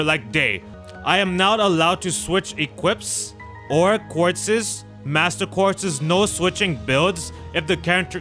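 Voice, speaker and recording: Gaming guy talking to his viewers, slangy and hyped, kinda high bright voice. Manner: chatty, excitable, slangy, talks straight to viewers. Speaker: gaming channel host. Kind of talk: casual let's-play commentary.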